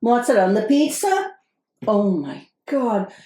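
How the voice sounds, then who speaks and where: A woman's voice: medium pitch, sing-song, a little slow, mellow. A woman playing an exasperated middle-aged Brooklyn wife in a put-on New York accent, complaining animatedly in an improvised comedy sketch. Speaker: podcast co-host in character. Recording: roomy echo.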